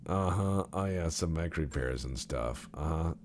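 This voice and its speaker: A man's voice: very deep voice, a little slow, a little mellow, slight background noise. A man streaming a game and talking casually, rambling in a joking, mock-serious way.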